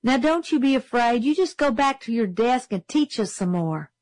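A woman's voice: animated, normal speed, darkish tone, dry recording, lightly acted. A woman doing an earnest, gallant young boy. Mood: soothing. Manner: high, eager, urgent.

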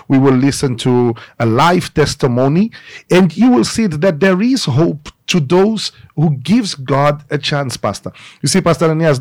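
A man's voice: a little high, darkish tone, no echo. Earnest man hosting a radio ministry. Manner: earnest, pleading, occasional slips and self-corrections. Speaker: radio pastor and host. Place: radio studio.

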